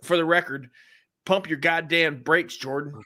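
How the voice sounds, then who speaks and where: A man's voice: on the high side, steady tone, moderate pace, bright, forceful tone. A man co-hosting a comedy podcast, rambling and swearing freely as he acts out what people said. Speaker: podcast co-host. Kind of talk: casual podcast chat.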